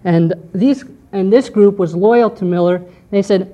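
A woman teaching a history lesson to a class, explaining step by step and often pausing to check in with "okay". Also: mid-range voice, warm tone. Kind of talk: lecture on church history.

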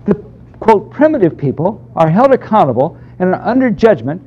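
A man's voice: high voice, sing-song, normal speed, husky. A man teaching a Bible class in a conversational, emphatic way, taking questions from the room. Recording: dull lo-fi lecture recording.

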